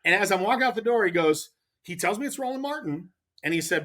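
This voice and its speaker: A man as a guest telling a long, animated story in casual chat, emphatic and rambling. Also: sits high, quick pace. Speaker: guest angler.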